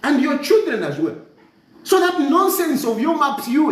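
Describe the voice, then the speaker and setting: A man's voice: very high voice, very animated, moderate pace, echoey room. A man with a Zambian accent delivering an impassioned, mocking rant, repeating himself, switching between languages and laughing scornfully. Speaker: commentator. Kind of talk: impassioned social media rant.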